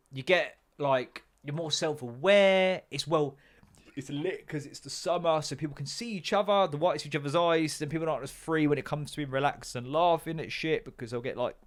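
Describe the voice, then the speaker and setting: A man's voice: a little high, moderate pace. A man hosting a podcast, a stand-up comedian talking in a sweary, rambling comic rant.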